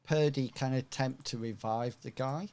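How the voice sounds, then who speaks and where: A man's voice: medium pitch, measured pace. Man running a tabletop game. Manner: relaxed, with frequent fillers. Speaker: game master.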